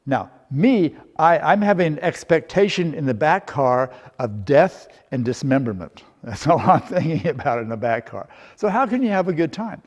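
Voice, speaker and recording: A middle-aged man leads a workshop, spinning a humorous story and tossing rhetorical questions at his audience. His voice sits a little high for a man. The sound carries the long reverb of a lecture hall. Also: animated, normal speed. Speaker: workshop presenter. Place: seminar room.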